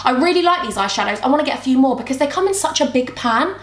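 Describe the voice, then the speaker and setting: Woman, twenties, high voice, bubbly rambling makeup chat, roomy echo. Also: lively intonation, fast. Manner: bubbly, rambling, talks to herself and her camera. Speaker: beauty vlogger. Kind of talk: chatty makeup tutorial.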